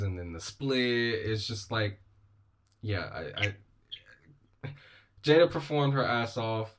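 A man hosting a casual chat show, rambling with many restarts and giggling. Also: medium pitch. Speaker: podcast host.

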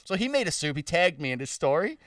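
A man's voice: fairly high pitch, very animated, fast talker, fairly bright tone, no echo, clean studio sound, far from the mic. A man co-hosting a podcast in casual chat, loose and swearing, often laughing. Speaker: podcast co-host.

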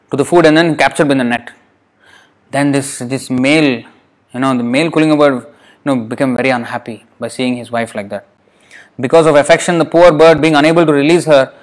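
Conversational man giving a scripture talk. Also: medium pitch. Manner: conversational, many "you know" fillers, lively rises when quoting. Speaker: spiritual teacher. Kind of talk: sermon retelling a scripture story.

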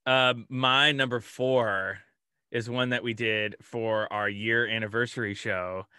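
A man who is a guest on a casual podcast and talks in an unhurried, drawn-out way. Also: on the low side, steady tone, bright, forceful tone, clean tone, no room sound, clean studio sound.

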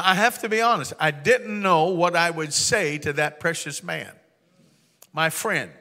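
A man preaching a sermon through a story, folksy and humorous, slowing down and rising for emphatic proclamations. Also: sits high, sharp tone, big-room sound.

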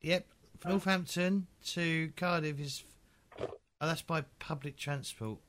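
A man's voice: a little high, a little slow, fairly bright tone. A man chatting as a player at the game table, blunt and joking.

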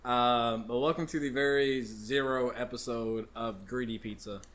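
A man's voice: medium pitch, normal speed, fairly bright tone. A young man, a podcast co-host, teasing his friend in joking casual banter. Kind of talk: casual chat.

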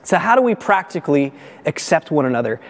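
A man's voice: a little high, fast talker. Male pastor preaching in a reverberant hall. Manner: earnest, builds to raised animated emphasis. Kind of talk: sermon.

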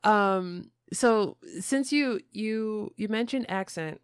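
A woman's voice: medium pitch, slow pace, smooth, dry recording, studio quality. A woman hosting a podcast interview, speaking thoughtfully and hesitantly with many fillers. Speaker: podcast host. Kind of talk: interview conversation.

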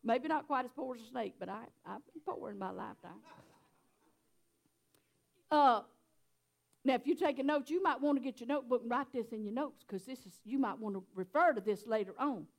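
A high-pitched middle-aged woman with a drawl delivers a homespun sermon. She talks to the congregation like old friends, chatty and quick to laugh. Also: creaky. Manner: folksy, chatty, laughs often. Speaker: preacher.

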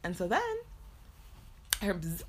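A woman's voice: lowish voice, measured pace, breathy edge. A young woman co-hosting a podcast, telling a long story in casual chat and acting out the quotes with changed voices. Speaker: podcast co-host.

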